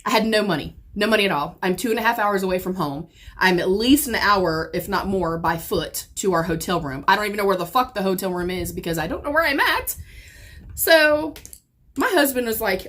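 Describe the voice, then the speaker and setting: A woman, telling a painful story while getting ready, upset and close to tears, cursing often and jumping from low murmurs to sudden loud outbursts. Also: lively intonation, a little fast. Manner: heavy swearing, swings from quiet to sudden loud outbursts. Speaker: beauty vlogger. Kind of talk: emotional get-ready-with-me storytelling.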